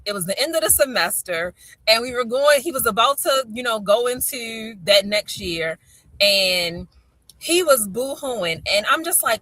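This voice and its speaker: A middle-aged woman with a Baltimore accent, hosting a casual chat and telling stories with lively acted-out quotes. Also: fairly high pitch, moderate pace. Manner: animated storyteller, acts out quotes. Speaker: podcast host.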